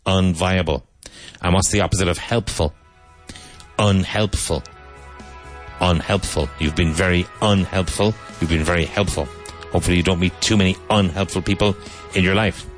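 A man teaching English vocabulary, reading each word and repeating it slowly, sometimes spelling it out letter by letter. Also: sits low, steady tone, soft background music. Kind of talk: slow vocabulary drill lesson.

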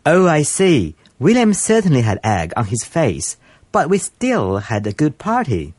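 A man's voice: a little high, wildly swooping pitch, a little slow, a little mellow, breathy edge, no room sound. A man co-presenting a scripted English lesson, asking curious questions about each phrase.

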